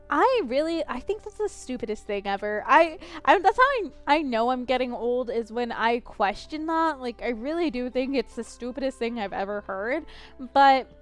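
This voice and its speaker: A woman in her twenties streams a game, chatting casually, rambling, counting aloud and poking fun at herself. Her voice is a little high and the tone is clean.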